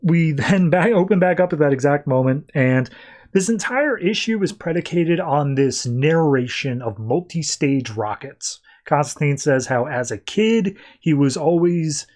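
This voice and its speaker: A man with a somewhat high voice talks through a comic book plot in a relaxed podcast chat. His retelling is loose and conversational, with easy fillers, and he lifts his pitch whenever he mimics what a character says. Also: a little slow. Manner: loose conversational retelling, acting out quotes in a raised voice. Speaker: podcast host. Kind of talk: casual comic book recap.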